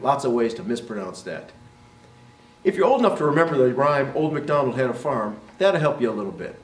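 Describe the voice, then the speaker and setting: Guy teaching martial arts terms, says them slowly and keeps asking "right?", echoey room, mic kinda far off. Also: medium pitch. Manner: explains and models pronunciation, often asks "right?". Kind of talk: instructional talk to camera. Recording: roomy, voice from a distance.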